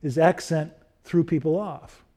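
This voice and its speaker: A middle-aged man preaching a sermon, building through repeated rhetorical questions and softening into personal stories. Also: on the high side, measured pace. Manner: rhetorical questions, rising emphasis. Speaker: pastor.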